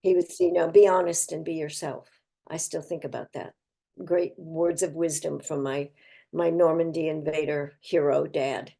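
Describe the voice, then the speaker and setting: An older woman chats as a podcast guest in a warm, mellow voice that sits a little low. She speaks in a heartfelt, effusive way, often restarting her sentences as her thoughts run ahead. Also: fairly even intonation, normal speed, gravelly. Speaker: actress guest. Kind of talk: casual interview chat.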